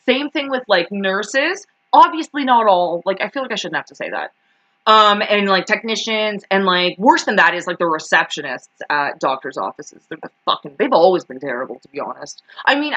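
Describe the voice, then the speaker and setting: A woman's voice: mid-range voice, pushed and bright. A Canadian woman in her thirties hosting a ranting vlog, swearing freely, sarcastic and laughing as she talks. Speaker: channel host.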